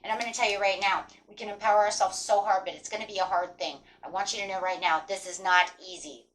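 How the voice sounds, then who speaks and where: A woman's voice: medium pitch, fast, low-quality recording. Chatty woman giving a tarot reading. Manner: animated, encouraging, mixes card text with chatty asides; acts out quoted inner voices. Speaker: tarot reader. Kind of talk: casual spoken tarot reading.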